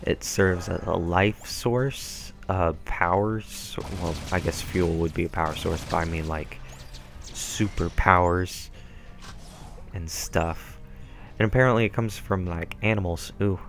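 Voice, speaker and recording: Low-voiced, rambling young gamer. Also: male voice, unhurried, gravelly. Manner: rambling, self-deprecating. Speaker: gameplay commentator. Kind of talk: casual let's-play commentary. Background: faint game music.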